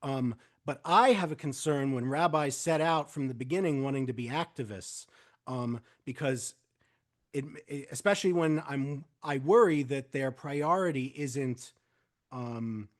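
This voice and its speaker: A man who is a guest rabbi on a podcast interview, speaking in a measured, hesitant way as he weighs his words. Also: medium pitch.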